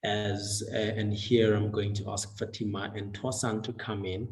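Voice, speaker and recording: Male webinar moderator, low voice, halting delivery full of fillers. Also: little pitch movement, darkish tone. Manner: halting, many fillers and restarts. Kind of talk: hesitant online webinar chat.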